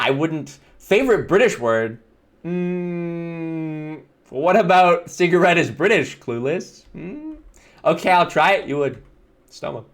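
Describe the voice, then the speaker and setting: A young man streaming live, reading viewer slides aloud and reacting with wry, bemused asides and chuckles. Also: fairly high pitch. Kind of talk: casual live-stream commentary.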